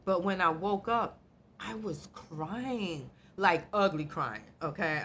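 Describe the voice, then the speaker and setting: A middle-aged woman vlogger telling a personal story in an animated, blunt way, swearing freely. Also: on the low side, takes it slowly, a little hiss or hum. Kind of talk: emotional storytelling.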